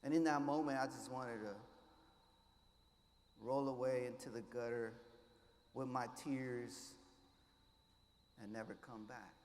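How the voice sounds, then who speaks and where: A man's voice: mid-range voice, fairly even intonation, measured pace, long pauses. Passionate man giving a keynote in a hall. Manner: passionate, swings between hushed and loud, drops Spanish words. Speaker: keynote speaker. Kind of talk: inspirational keynote speech with storytelling. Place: large conference hall. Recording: echoey hall, faint ambience.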